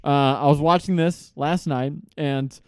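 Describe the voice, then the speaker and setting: A man's voice: on the high side, steady tone, unhurried, smooth, no echo, clean studio sound. A young man co-hosting a casual movie podcast, telling stories animatedly and laughing often. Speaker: podcast co-host. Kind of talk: casual chat.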